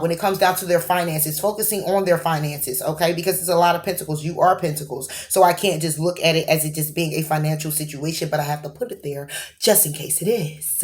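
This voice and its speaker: A woman giving a tarot reading to camera, rambling, rephrasing as she goes and checking in with a questioning "okay?". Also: fairly low pitch. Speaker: tarot card reader.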